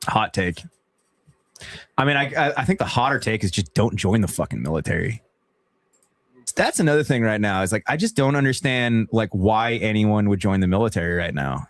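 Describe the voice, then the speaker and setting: Young dude streamer, pitch jumps all over, cussing n laughing a lot. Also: male voice, normal speed. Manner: laughing, swearing, lively banter. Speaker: live stream host. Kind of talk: casual live stream chat.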